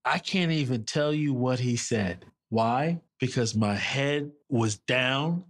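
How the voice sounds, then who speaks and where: A middle-aged man from the United States, telling personal stories about his family in an earnest, halting way and repeating words when moved. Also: medium pitch. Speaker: interview guest. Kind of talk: emotional personal storytelling.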